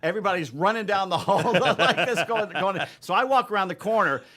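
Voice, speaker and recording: A man's voice: high-pitched, fairly quick, pushed and bright. A man telling a story in casual chat as a guest, with dry quips. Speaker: talk radio host guest.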